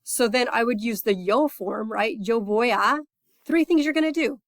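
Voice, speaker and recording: A woman teaching a recorded language lesson, patient, checking in with "okay" often and reading example phrases slowly. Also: fairly high pitch, no echo. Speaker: Spanish teacher.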